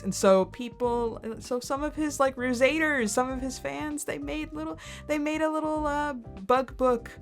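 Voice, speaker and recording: A young adult woman streaming from her computer, chatting casually and excitedly, rambling with lots of fillers and frequent giggles. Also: mid-range voice. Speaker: streamer reacting to content. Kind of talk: casual chat while screen-sharing.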